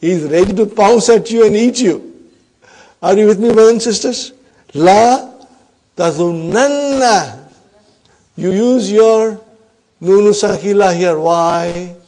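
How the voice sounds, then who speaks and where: Teacher quizzing his class, mellow voice. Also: high voice, moderate pace. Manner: explains and quizzes students with frequent "huh?". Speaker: Arabic teacher. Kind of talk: classroom grammar lesson.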